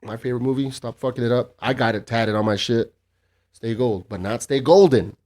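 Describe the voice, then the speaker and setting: A man's voice: mid-range voice, level tone, fairly quick. A man in his thirties hosting a solo podcast, swearing freely and ranting in a cocky, casual way. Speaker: podcast host.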